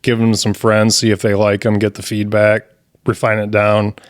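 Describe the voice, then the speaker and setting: Low-voiced man, deadpan podcast co-host. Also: moderate pace. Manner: deadpan jokes, summarizes. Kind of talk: casual chat.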